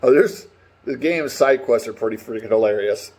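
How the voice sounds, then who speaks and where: A man talking casually and excitably about a game, swearing freely and rambling between stories. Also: mid-range voice, moderate pace. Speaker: gaming vlogger. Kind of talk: casual opinion chat.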